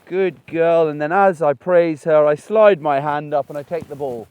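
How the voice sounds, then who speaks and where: A man's voice: on the high side, moderate pace, clean tone, narrow, tinny audio. A man, a dog trainer, chatting and explaining as he demonstrates puppy training outdoors, with frequent restarts. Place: outdoors in a paddock.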